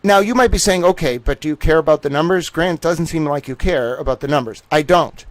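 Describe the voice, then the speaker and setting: A man telling a story on his stream in a profane, animated way, acting out the voices of the people in it. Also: a little high, a little fast, no room sound, low-quality recording. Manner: animated, swearing, acts out quoted voices. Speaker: streamer host. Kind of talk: profane casual storytelling monologue.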